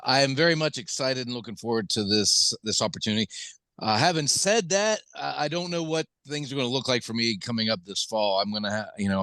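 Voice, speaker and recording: A man's voice: medium pitch, a bit bright, no room sound. A fifty-year-old man from Pennsylvania co-hosting a sports podcast, self-deprecating and jokey. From Washington, Pennsylvania. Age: 50s. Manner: self-deprecating, jokey, sings snatches of songs. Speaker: podcast co-host. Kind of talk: casual sports podcast chat.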